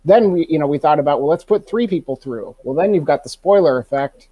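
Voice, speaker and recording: A man's voice: on the high side, lively intonation, fairly quick, no echo, dull audio. A man from Alaska, a ballot reform campaigner, answering on a panel in a conversational way, thinking aloud with fillers.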